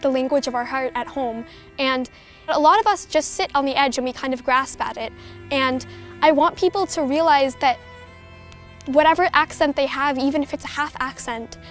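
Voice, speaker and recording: Young woman poet, high voice, earnest and soft spoken, music playing under her. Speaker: youth poet laureate. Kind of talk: spoken-word poem and reflective talk.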